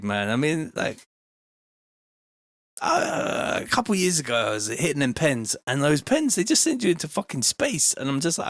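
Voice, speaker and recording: A man's voice: medium pitch, fairly bright tone, no room sound. A man chatting casually and swearing while he makes music and reads viewer comments aloud. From Bristol, England. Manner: laid-back, rambling, swears, reads chat comments aloud. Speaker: music producer hosting a livestream. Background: faint music from the track being made.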